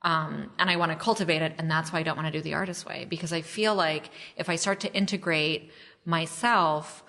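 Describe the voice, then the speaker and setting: A woman with a deep, a bit bright voice speaks briskly with fairly even intonation. She's a memoir author guesting on a podcast, chatting in a casual, self-deprecating way and using lots of fillers.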